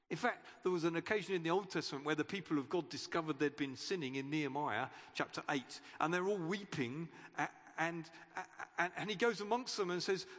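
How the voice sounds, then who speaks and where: A man preaches in an earnest, conversational way, his voice sitting a little high. He often stumbles and restarts a phrase. A long church-hall reverb trails after every word. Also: animated, moderate pace, fairly bright tone. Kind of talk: sermon.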